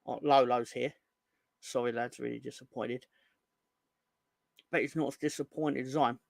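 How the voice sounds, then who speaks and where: A man's voice: medium pitch, fairly even intonation, normal speed, vocal fry, a little mellow, no echo. A young man hosting a fan live stream, ranting in an exasperated, sweary way and reading out chat hellos. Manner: exasperated, sweary, rising into angry outbursts. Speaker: fan channel host.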